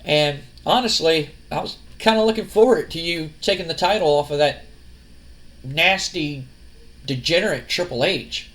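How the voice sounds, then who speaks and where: A man's voice: on the high side, normal speed, fairly bright tone, natural voice. A man doing a catty, gossipy young woman.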